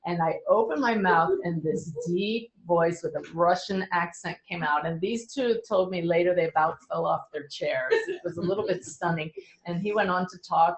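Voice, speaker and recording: Middle-aged woman, lowish voice, earnest explainer with a light touch of humor, roomy echo. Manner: earnest, gently humorous storytelling. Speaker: medium and speaker. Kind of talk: explaining to a webinar audience.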